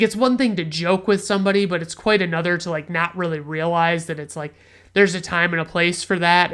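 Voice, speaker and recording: A man's voice: high voice, bright, forceful tone, smooth. A man hosting a podcast, casually recapping a film in a rambling, profane, enthusiastic way. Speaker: podcast host, film reviewer.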